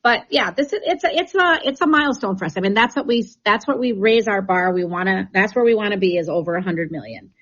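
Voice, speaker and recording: A woman's voice: medium pitch, expressive, quick pace, few pauses, a bit bright, dull audio. A woman who leads a real estate team, talking in a chatty, enthusiastic way with many restarts in a radio interview.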